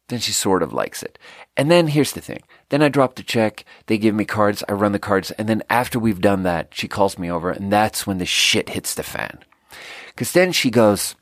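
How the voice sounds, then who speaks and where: A man's voice: fairly low pitch, normal speed, dry recording, clean studio sound. A man, a podcast host and restaurant server, casually telling a long exasperated story about difficult guests, swearing freely. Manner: profane, exasperated, animated retelling.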